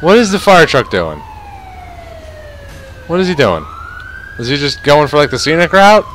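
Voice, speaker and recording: A young man giving let's play commentary, tired but excitable, swearing often over loud game audio. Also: a little high, moderate pace. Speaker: gamer. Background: loud game sirens and traffic.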